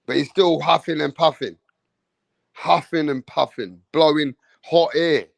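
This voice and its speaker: Brief: higher-voiced male live-stream fight commentator, mocking and profane, dry close mic. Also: measured pace, creaky, no echo. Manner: animated, profane, mocking, street slang. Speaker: boxing commentator.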